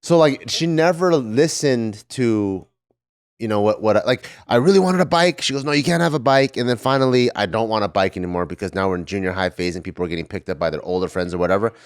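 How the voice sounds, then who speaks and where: A man's voice: on the low side, lively intonation, quick pace, clean tone, dry recording, clean studio sound. A man co-hosting a podcast, telling frank and profane stories in casual chat. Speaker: podcast co-host.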